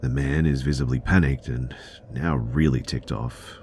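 A man reading a true scary story aloud in first person as a podcast narrator, at a steady, plain pace. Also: extremely low pitch, measured pace, a little hiss or hum.

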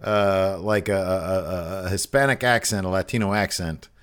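A man's voice: low-pitched, normal speed, clear, resonant tone. A man co-hosting a casual live show, reading viewer questions aloud and laughing often. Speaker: podcast co-host reading chat questions. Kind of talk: casual chat.

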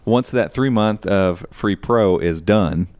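Low-voiced man explaining on a podcast. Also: slow pace, dry recording. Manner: relaxed, explanatory, many fillers. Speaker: podcast co-host. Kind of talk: casual tech podcast chat.

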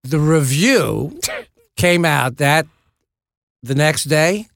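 A man's voice: on the high side, expressive, drawn-out words, vocal fry, fairly bright tone, dry recording. An older man, an actor guest in a studio interview, telling self-deprecating anecdotes and acting out what people said. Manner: self-deprecating, acts out quoted dialogue. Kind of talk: anecdotal storytelling in a podcast interview. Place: podcast studio.

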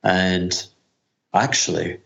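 Middle-aged Scottish male guest, very low voice, rambling and self-mocking. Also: little pitch movement, takes it slowly, creaky, fairly bright tone, lo-fi sound. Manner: rambling, self-deprecating, with frequent restarts and laughs. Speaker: hedge fund manager, guest. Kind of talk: conversational interview answers.

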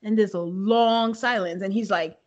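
A woman's voice: medium pitch, normal speed, highs cut off. A woman co-hosting a casual chat, retelling scenes dramatically and using casual slang. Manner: animated, dramatic retelling with acted-out quotes. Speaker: podcast co-host. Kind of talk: casual chat recapping a reality show.

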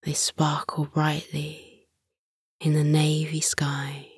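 A woman narrating a children's sleep meditation in a soft, breathy whisper, slow and soothing. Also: low-pitched, completely flat delivery, dry recording, clean studio sound. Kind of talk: whispered bedtime story narration.

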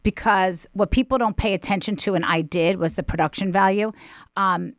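A woman guest on a talk podcast, chatting casually and telling stories with emphatic, animated delivery. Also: medium pitch, moderate pace, dry recording, clean studio sound. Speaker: guest, reality TV personality. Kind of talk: casual chat.

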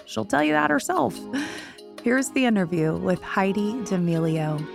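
A woman's voice: medium pitch, sing-song, normal speed, gravelly, over music. A woman hosting a podcast, talking in a chatty, gushing way with lots of "like" and "you know". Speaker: podcast host. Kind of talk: casual interview chat.

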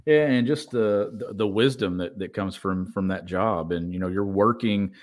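A male co-host on a sports podcast whose voice sits on the low side. He reflects in a conversational way and builds his points as he goes. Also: normal speed. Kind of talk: casual sports talk.

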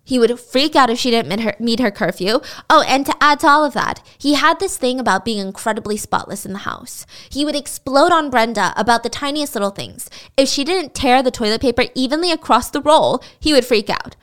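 A young adult woman narrating a true crime story in a casual, chatty way. Her voice sits a little higher than average, and she drops blunt, sarcastic asides. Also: lively intonation, brisk, few pauses, fairly bright tone.

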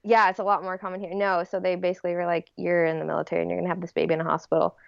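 Chatty woman with a gravelly voice. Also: fairly low pitch, little pitch movement, racing, dry recording, muffled recording. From United States. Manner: chatty, lots of "like" and "um". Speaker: guest telling her birth story. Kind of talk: casual storytelling.

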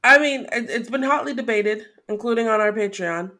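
A woman with a fairly high voice co-hosts a casual recap podcast. She reasons her points out loud, thoughtful and measured, and pauses on small fillers as she works through them. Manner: thoughtful, analytical, with hesitant fillers. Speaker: podcast co-host.

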